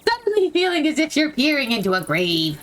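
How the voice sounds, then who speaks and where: Girl reading a story game out loud, playful, super high and bouncy voice. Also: huge pitch swings, fairly quick, background noise. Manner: playful, giggly, switches between narrating and chatter. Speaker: let's-play host. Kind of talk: reading a game aloud with commentary.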